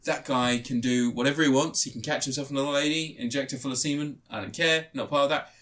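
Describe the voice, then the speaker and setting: A man chatting casually, retelling a film plot in a rambling, giggly way and slipping into quick character voices. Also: mid-range voice, fairly even intonation, fairly bright tone.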